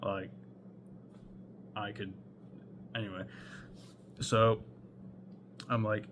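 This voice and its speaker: Young guy w a lowish voice rambling thru a crazy story, lots of likes, faint hum behind. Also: flat delivery, very slow, a bit bright. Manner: rambling, heavy on fillers and swearing. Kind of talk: casual storytime monologue.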